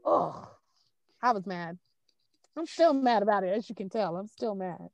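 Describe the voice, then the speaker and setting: A woman co-hosting a podcast, chatting casually in a blunt, profane, animated way and acting out her own reactions. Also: mid-range voice, normal speed, no echo, dull audio. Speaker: podcast co-host.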